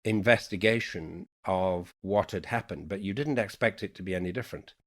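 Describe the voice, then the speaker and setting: Lyrical poet with a Yorkshire-Irish-American accent. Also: male voice, sits low. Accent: mixed Yorkshire, Irish and American. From England, Yorkshire. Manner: lyrical, unhurried, thoughtful. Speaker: guest poet. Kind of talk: reflective conversation.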